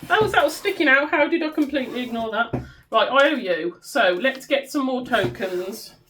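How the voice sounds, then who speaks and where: With slight background noise behind her, a high-pitched, fairly bright woman speaks at normal speed with lively intonation. This Black Country budgeting vlogger from the West Midlands chats casually while cash stuffing, humming and laughing at herself.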